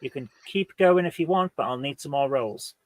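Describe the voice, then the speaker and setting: A man narrating as game master in a tabletop game, relaxed and playful. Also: medium pitch, moderate pace, no echo.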